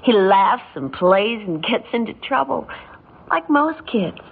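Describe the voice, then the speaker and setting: A woman's voice: on the high side, big pitch swings, takes it slowly, vocal fry, slightly rough, full character voice. Give me a tender young mother in an old radio drama. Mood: heartfelt. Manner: soft, heartfelt. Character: young mother torn between two brothers, tender. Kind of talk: 1940s radio acting. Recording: tinny old radio broadcast with faint hiss.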